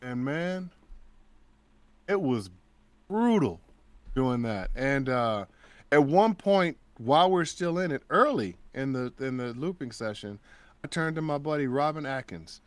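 A man's voice: mid-range voice, unhurried, no echo. A man, a voice actor and guest, chatting casually and telling stories, acting out the voices of people he quotes. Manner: animated storyteller who acts out quoted voices. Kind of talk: casual interview chat.

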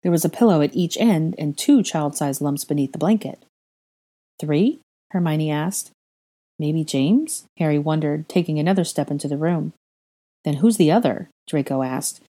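Woman narrator, low and dark-toned, calm storybook reading. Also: a little fast. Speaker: reader of fan fiction. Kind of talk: audiobook-style story reading.

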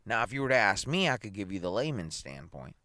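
Man voicing chatty psychologist, chirpy, brisk, lively swings in pitch. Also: dry recording, studio quality. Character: chatty, eager middle-aged male psychologist.

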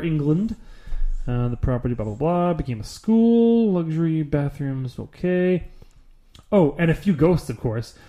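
Man, podcast co-host, sarcastic asides, casual reading, warm dark voice. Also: on the high side. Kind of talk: casual chat, reading a list aloud.

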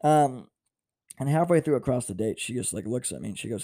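Playful young man, mellow voice. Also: mid-range voice, lively intonation, a little fast, no room sound, clean studio sound. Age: 20s. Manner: playful, self-mocking, swings in volume. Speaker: stand-up comedian. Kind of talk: comedic monologue.

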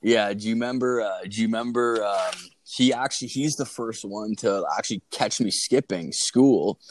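A man's voice: lowish voice, normal speed, a little hiss or hum. A young man co-hosting a casual podcast, telling crude stories with lots of swearing and laughter. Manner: profane, laughing, animated storytelling. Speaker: podcast co-host.

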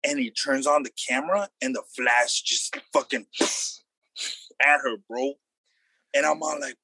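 A young man telling a wild story in loose, slangy casual chat, acting out the quotes loudly. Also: mid-range voice, lively intonation, moderate pace, breathy edge, no room sound.

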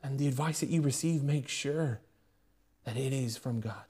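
A young British pastor preaches a sermon, moving between loud, raised appeals and quick, hushed asides. His voice is medium in pitch, with a British English accent.

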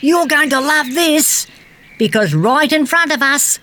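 A woman voicing a cheerful, fact-loving male green tree frog, gently guiding a children's storybook adventure and fond of silly jokes. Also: high-pitched, expressive, measured pace, slight background noise, exaggerated voice.

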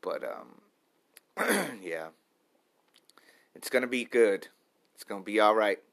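A man in his late thirties talking to camera in a rambling, self-reflective daily vlog, repeating himself as he thinks out loud. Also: on the low side, huge pitch swings, takes it slowly. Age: 30s. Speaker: vlogger. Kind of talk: stream-of-consciousness daily vlog.

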